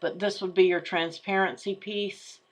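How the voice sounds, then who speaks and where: A woman hosting a crafting tutorial, chatting casually and thinking aloud as she works through design software. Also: mid-range voice, level tone, moderate pace. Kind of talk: screen-share craft tutorial.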